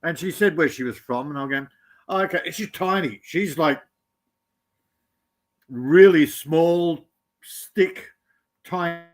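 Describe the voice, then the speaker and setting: A man's voice: a little high, slow pace, long pauses. An Australian man chatting on a live stream, rambling through teasing anecdotes. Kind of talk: casual storytelling chat.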